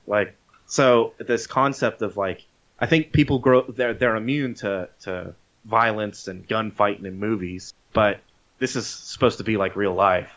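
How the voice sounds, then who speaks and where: A man's voice: lowish voice, a little slow. Lo-fi, swearing male storyteller. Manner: animated storyteller, swears freely, acts out quotes. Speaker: podcast co-host. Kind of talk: casual chat retelling a movie. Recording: dull lo-fi podcast audio.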